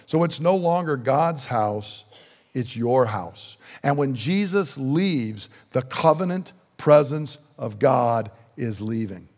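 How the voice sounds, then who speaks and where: A man's voice: mid-range voice, animated, takes it slowly, a little mellow. A man preaching a sermon in an emphatic way, often putting questions to his listeners. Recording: long hall reverb.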